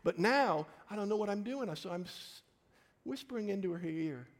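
A man's voice: sits high, animated, moderate pace, long reverb tail. A man preaching a sermon as a pastor, telling personal stories in short, punchy phrases.

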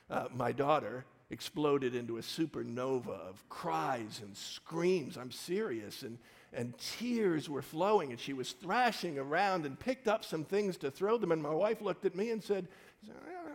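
A male pastor preaches a sermon, his voice rough and gravelly. He tells personal stories in short, punchy phrases. His voice echoes with a long reverb through a church hall. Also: on the high side.

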